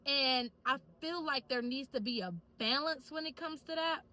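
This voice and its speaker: A young woman vlogging casually to camera, telling stories in an animated, chatty way full of slang. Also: high voice, normal speed, low-quality recording.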